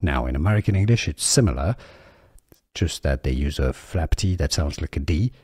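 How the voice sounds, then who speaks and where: A man giving a scripted pronunciation lesson, saying words slowly and deliberately. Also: extremely low pitch, expressive, darkish tone, breathy edge, dry recording, clean studio sound. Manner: slow, deliberate word-by-word demonstration. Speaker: pronunciation teacher.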